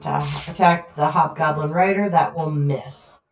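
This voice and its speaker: A woman narrating a tabletop game as game master, slow and hesitant with vivid, gory descriptions. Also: deep voice, fairly even intonation, a little hiss or hum. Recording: roomy, muffled home recording.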